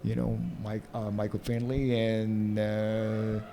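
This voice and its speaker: A man's voice: lowish voice, monotone, slow, dark tone, slight background noise. A man in his sixties from Cuba with a Cuban-New Jersey accent, chatting and telling stories as a guest on a convention panel. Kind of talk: casual storytelling on a convention panel.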